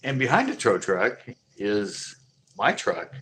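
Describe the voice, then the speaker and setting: A man's voice: on the low side, sing-song, slow, fairly bright tone. A man telling a casual story in laid-back slang, animatedly acting out both sides of the conversation. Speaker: boutique owner telling a story.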